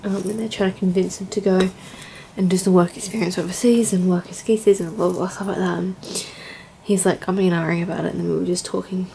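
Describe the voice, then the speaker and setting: A woman's voice: fairly low pitch, steady tone, fast, gravelly, dark tone, a little hiss or hum. A young adult woman working as an au pair, talking in a rambling, chatty and heartfelt way in a casual vlog from indoors at home. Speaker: au pair vlogger.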